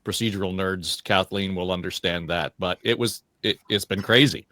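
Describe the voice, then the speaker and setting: A man's voice: low-pitched, steady tone, normal speed, pushed and bright, no room sound. A man hosting a political panel, talking conversationally and putting questions to his guests. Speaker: host.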